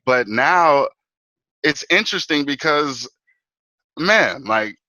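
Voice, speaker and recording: Male guest, lively fan talk, bright voice, dry close mic. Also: a little high, slow, no echo, low-quality recording. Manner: animated, fan talk full of "bro" and "man". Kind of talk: casual sports talk.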